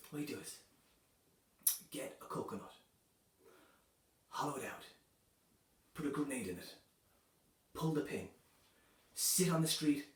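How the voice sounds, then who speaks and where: A man performing a stand-up comedy set, delivering dark jokes in a loose, chatty way, filling his lines with "you know" and "right". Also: mid-range voice. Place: comedy club stage. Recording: echoey room, voice from a distance.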